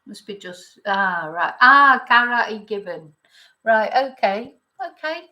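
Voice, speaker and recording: A woman's voice: mid-range voice, expressive, slow, lo-fi sound. A middle-aged woman from England, hosting a casual live chat, rambling and reading out viewer comments. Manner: chatty and rambling, reads viewer comments, laughs often. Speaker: YouTube chat host.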